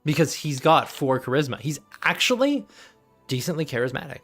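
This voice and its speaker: A man's voice: a little high, very animated, fairly quick, fairly bright tone, faint music behind. A man running a tabletop game as game master, rambling and laughing as he corrects himself.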